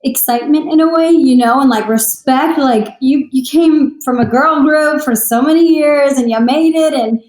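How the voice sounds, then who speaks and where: A woman's voice: high-pitched, moderate pace, hardly any pauses, a little mellow. Young woman guest, singer-author, heartfelt candid storyteller in an echoey room. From Texas. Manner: emotional, earnest storytelling with laughs. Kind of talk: candid podcast interview.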